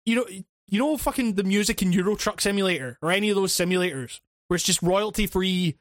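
High-voiced man, rambling and profane. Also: fast, dry recording, studio quality. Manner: rambling, profane, many restarts and fillers. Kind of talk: casual chat.

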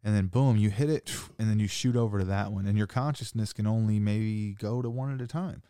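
A young man telling a wild story in casual chat, saying "like" a lot and swearing freely, getting animated. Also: lowish voice, a little fast, clean tone, dry recording, clean studio sound. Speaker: podcast guest.

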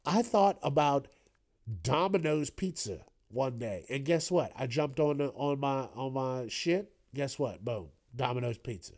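Dude hosting a solo news podcast, slow easygoing talk, swears a lot, keeps wandering off on jokes, middle-pitched voice. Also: male voice, expressive, a little mellow. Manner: rambling, profane, joking asides. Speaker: podcast host. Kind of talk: casual solo news commentary.

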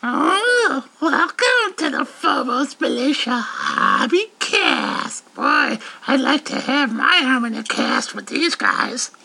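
A shrill, crude doll lady, as a man puts her on, with her voice leaping high and wailing through each line. The tone is bright and sharp, with a gravelly edge under the squeals. She teases and insults everyone in a mock-sweet, lewd way. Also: big pitch swings, takes it slowly, hardly any pauses, exaggerated voice. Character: creepy cursed female doll, shrill and lewd. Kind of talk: comedic podcast voice bit.

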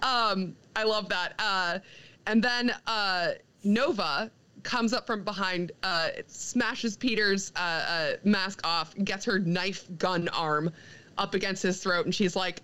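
A young woman chats casually on a podcast, retelling a comic's plot with animated energy. Her voice is bright and smooth, and she slips into quick character lines and laughs along the way. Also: mid-range voice, low-quality recording. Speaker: podcast co-host recapping a comic. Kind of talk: casual chat.

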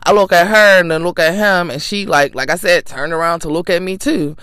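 A woman's voice: on the low side, a little fast, a bit bright, clear, resonant tone, no room sound. A woman podcast host telling a personal story in a casual, sassy, emphatic way, with plenty of swearing.

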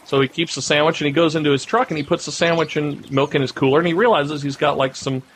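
A man co-hosting a podcast, telling a long anecdote in casual chat and getting animated as the story builds. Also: fast talker, slight background noise. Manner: animated storyteller, rising pitch when excited. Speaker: podcast co-host.

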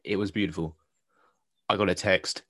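A man's voice: low-pitched, steady tone, normal speed, a bit bright, dry recording, studio quality. A young British man co-hosting a podcast in casual chat. He tells his stories with jokes and puts on voices when he quotes people. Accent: British English. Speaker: podcast co-host.

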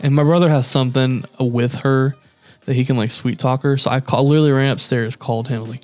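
A young man co-hosting a casual podcast, telling animated stories, acting out quotes and swearing freely. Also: mid-range voice, quick pace. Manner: animated storyteller, acts out quotes, swears a lot. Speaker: podcast co-host. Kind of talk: casual chat.

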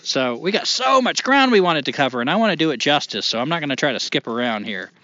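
A man's voice: a little high, sing-song, quick pace, pushed and bright, muffled recording. A man hosting a casual podcast, talking loosely, swearing and poking fun at himself. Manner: loose, swearing, self-deprecating. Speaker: podcast host.

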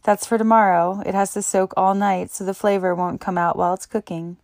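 A woman voicing a kind young woman who runs a kitchen, talking briskly and gently. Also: medium pitch, flat delivery, no echo, clean studio sound, natural voice.

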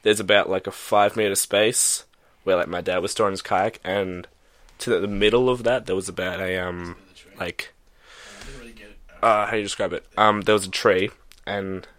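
A man chiming in during a casual chat, halting and fumbling for the right words. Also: low voice, fairly even intonation, a bit bright. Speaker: friend chiming in.

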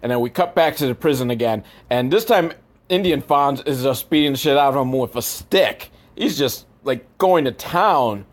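A man recapping a movie in a sarcastic, profane and rambling way, with deadpan asides. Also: mid-range voice, normal speed. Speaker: movie reviewer.

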